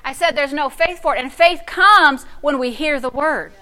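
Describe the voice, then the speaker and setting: A middle-aged woman pastor preaching a sermon, telling a story with sassy, animated delivery that swings from hushed to loud. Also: high-pitched, normal speed.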